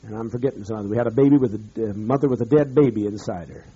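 A man, a pastor, berating his congregation in a profane rant, swinging from shouting to muttering. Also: lowish voice, racing, lo-fi sound, slight background noise. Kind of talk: ranting address to his congregation.

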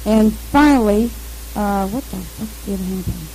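A woman's voice: medium pitch, measured pace, dark tone, a little hiss or hum, rough recording. A woman telling a rambling, profane story in casual conversation, mimicking radio chatter and noises along the way.

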